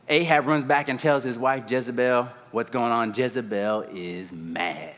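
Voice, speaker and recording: A man preaching a sermon in a church, retelling a story in an animated, conversational way. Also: medium pitch, normal speed, few pauses, long reverb tail. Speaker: pastor.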